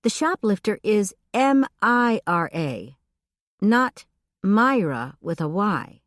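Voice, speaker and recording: Woman doing a brisk office coworker. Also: mid-range voice, sing-song, fairly bright tone, no room sound, studio quality, voice pushed up.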